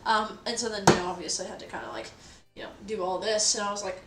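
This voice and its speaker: Very noisy audio captures a young livestreamer with a medium-pitched voice speaking quickly while doing the dishes at home. Her story comes out blunt, offhand, and full of swearing, the mic distant in a roomy kitchen amid clattering pots and dishes.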